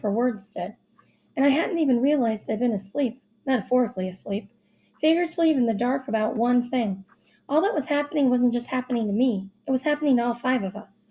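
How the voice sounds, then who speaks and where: Brief: female audiobook narrator, warm and mellow, slightly high, young-sounding first-person read. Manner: expressive, childlike first-person storytelling.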